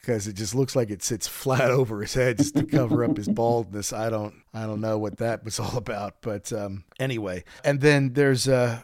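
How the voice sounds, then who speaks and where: A man's voice: lowish voice, moderate pace, few pauses, no echo. Man, middle-aged, podcast host, casual storytelling, dry close sound. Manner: storytelling, animated when quoting his daughter. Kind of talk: casual chat.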